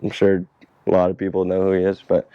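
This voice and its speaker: A young man with a lowish voice talks through fan questions in a relaxed, rambling way, peppering his speech with swearing and frequent laughter. The sound is close and dry, with little room around it. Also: fast talker, clean tone, no echo, lo-fi sound. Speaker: skateboarder answering fan questions. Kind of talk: casual chat.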